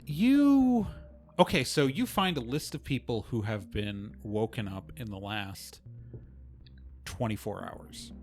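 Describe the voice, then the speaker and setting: A man's voice: medium pitch, lively intonation, takes it slowly, soft background music. A man running a tabletop role-playing game as game master, explaining the scene and the rules while thinking aloud.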